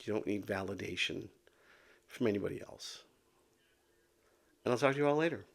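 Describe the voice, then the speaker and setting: A man's voice: on the low side, moderate pace, creaky. A man in his fifties talking casually to camera about his life, rambling and repeating words, sometimes dropping to a whisper. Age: 50s. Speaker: vlogger with Meniere's disease.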